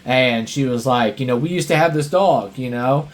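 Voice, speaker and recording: A man's voice: medium pitch, moderate pace. A man hosting a casual movie podcast, retelling scenes in a rambling way full of fillers and laughs. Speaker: podcast host.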